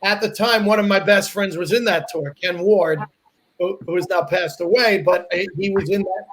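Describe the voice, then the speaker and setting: Man, host, high voice, eager interjections, faint background noise. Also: moderate pace, fairly bright tone, low-quality recording. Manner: eager, chiming in with agreement and comments. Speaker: podcast host. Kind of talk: casual chat.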